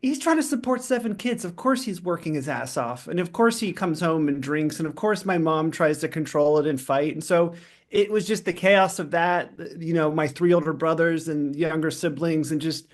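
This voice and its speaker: A middle-aged man with a fairly high voice tells his own life story as a podcast guest. He talks fast and with energy, breaking off his sentences and packing them with fillers. It sounds like candid, unscripted conversation. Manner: fast, animated, self-interrupting with many fillers.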